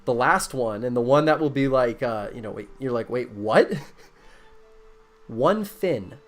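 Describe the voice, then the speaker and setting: A man's voice: medium pitch, expressive, takes it slowly, soft background music. A man hosting a casual conversation, explaining and reading out facts with many fillers and restarts.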